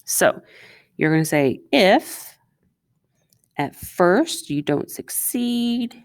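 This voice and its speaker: Speaking extremely slowly in a fairly low, expressive voice, a woman guides students through a math lesson on a recording, chatty and questioning them as she writes. There's no room sound.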